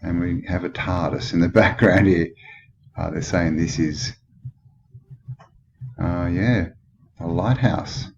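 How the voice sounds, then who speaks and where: A deep-voiced Australian channel host rambles through commentary on old photos, thinking aloud and asking skeptical questions. He goes slowly and pauses often. The recording is dull and lo-fi, with steady background noise clearly audible.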